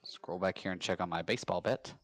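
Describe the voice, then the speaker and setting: A man's voice: deep voice, fairly even intonation, fairly bright tone, a little hiss or hum. Upbeat man hosting live trivia. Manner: rambling, upbeat, quick bursts of hype. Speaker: trivia host. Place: home.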